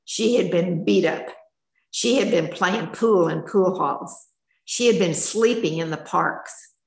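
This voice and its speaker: Gravelly older woman giving a heartfelt testimony. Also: lowish voice, slow, echoey room, rough recording. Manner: emotional, candid, chatty storytelling. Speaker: speaker sharing her story at a recovery meeting. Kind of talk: personal testimony.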